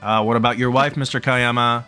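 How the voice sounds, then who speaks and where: A man's voice: mid-range voice, steady tone, a little fast, bright, forceful tone, faint music behind, close to an everyday voice. Brash middle-aged company boss with new york patter, a guy voicing him for a visual novel read-aloud.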